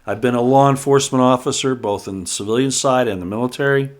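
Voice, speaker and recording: A man's voice: mid-range voice, quick pace. A middle-aged man hosting a solo political commentary show, talking emphatically with frequent restarts and repeated words, pushing harder on his key points.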